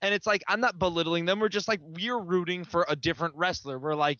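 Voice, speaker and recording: A man's voice: high-pitched, quick pace, hardly any pauses, sharp tone, dry recording, dull audio. A man co-hosting a podcast, telling a story with lots of swearing and laughter. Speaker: podcast co-host. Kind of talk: casual podcast banter.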